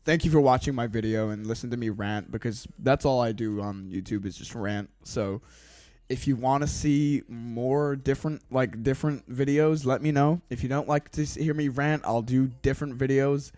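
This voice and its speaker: A young British man putting on an American accent, ranting to camera in a rambling, stammering way, swearing and mocking himself deadpan. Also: medium pitch, moderate pace, no room sound. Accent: put-on American. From Britain. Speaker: YouTuber. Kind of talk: casual rant to camera. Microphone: desk studio microphone.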